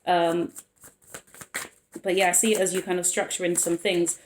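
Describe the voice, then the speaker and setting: A woman with a lowish, level voice speaks at a normal pace, with a faint hiss or hum in the background. She's a tarot reader doing a casual reading, rambling, cutting herself off mid-thought, and laughing often. The room gives a roomy echo.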